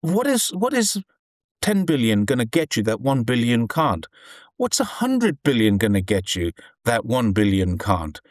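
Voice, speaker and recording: A man's voice: medium pitch, wildly swooping pitch, unhurried, no echo, studio quality. A man from the UK, explaining his views in a rambling, earnest conversational way with frequent restarts. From United Kingdom. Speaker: commentator living in China. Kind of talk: conversational discussion.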